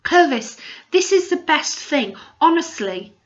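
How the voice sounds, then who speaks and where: A woman's voice: high voice, very animated, a little slow, voice pushed up. Lady doing a proud little girl, eager and spirited, kinda muffled audio. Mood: earnest. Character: determined, proud young girl.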